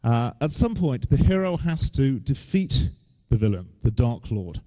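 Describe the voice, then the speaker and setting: A man's voice: medium pitch, sing-song, a little slow, dark tone. A man, giving a humorous lecture on stage with wry, joking asides. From England.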